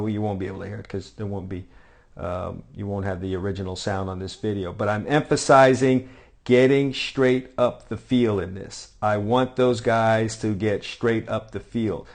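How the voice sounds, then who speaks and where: Man coaching over drill footage. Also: fairly low pitch. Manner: instructive, repeats cues and "all right?". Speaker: football coach.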